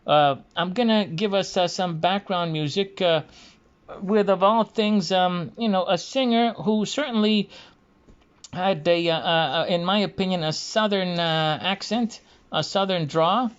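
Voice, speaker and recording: Male, casual video monologue; halting, pause-heavy delivery, slightly high pitch, muffled lo-fi recording. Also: clean tone. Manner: halting, hesitant, frequent pauses. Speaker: video creator. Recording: dull lo-fi recording.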